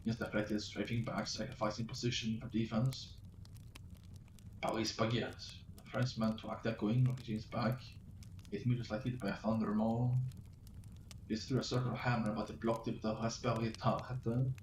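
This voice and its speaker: Man haltingly reading his own story. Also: fairly low pitch, flat delivery. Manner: halting, stumbling reading with restarts. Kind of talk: reading a fantasy story aloud. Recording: roomy, distant mic with faint noise.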